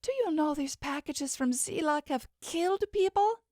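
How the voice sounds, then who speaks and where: A woman's voice: animated, moderate pace, a little mellow, dry recording, clean studio sound. A woman voicing a distraught young female investigator who pleads through tears, audiobook style. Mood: pleading. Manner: pleading, tearful, high-pitched.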